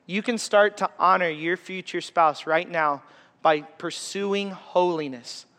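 High-voiced preacher in an echoey hall. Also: male voice, a bit bright. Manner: earnest, conversational preaching with personal stories and humor. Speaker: pastor. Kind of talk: sermon.

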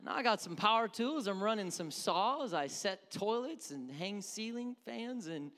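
A man's voice: high voice, expressive, a little slow, a bit bright. A man preaching a sermon as pastor, with a conversational, joking manner and bits of mimicry. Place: church sanctuary. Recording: echoey hall.

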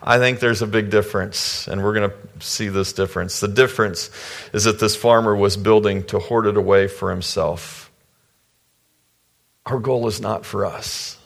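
A man's voice: steady tone, normal speed, vocal fry. Man preaching a casual sermon. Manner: conversational preaching, acting out quoted voices with pitch jumps. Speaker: pastor.

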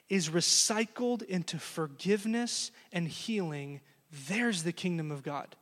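A man preaching a sermon, telling a story earnestly and closing with a quiet blessing. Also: high-pitched, unhurried, hardly any pauses, long reverb tail. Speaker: pastor.

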